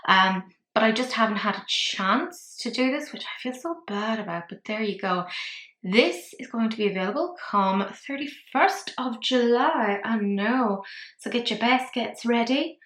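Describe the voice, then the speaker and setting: A woman's voice: on the high side, lively intonation, measured pace, fairly bright tone, roomy sound. A woman with an Irish accent, chatting her way through a makeup tutorial in a rambling, self-deprecating manner. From Ireland. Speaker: makeup vlogger.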